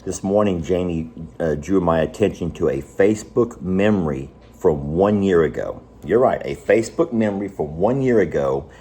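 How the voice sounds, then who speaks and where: Low-voiced folksy man. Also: mellow, breathy edge. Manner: folksy, drawn-out, slow emphasis. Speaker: animal sanctuary owner and vlogger. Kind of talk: casual vlog talk to viewers. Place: outdoors on a farm.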